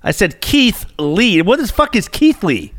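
A man's voice: high-pitched, sing-song, unhurried, fairly bright tone, dry recording. A man co-hosting a podcast in casual banter, blunt and profane, teasing his partner. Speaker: podcast co-host.

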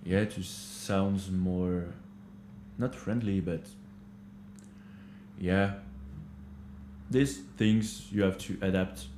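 French guy talking slow and halting, lowish voice, echoey kitchen, a bit of background hum. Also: steady tone, dark tone. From France. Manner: hesitant, halting, searching for words. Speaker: guest. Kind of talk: casual conversation. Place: upstairs kitchen of a hostel.

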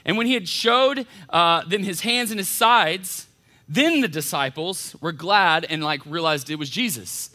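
Bright-voiced pastor preaching casually. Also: male voice, high-pitched, unhurried. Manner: informal, animated, acts out voices in retelling. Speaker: college pastor. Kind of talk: casual sermon. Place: church hall.

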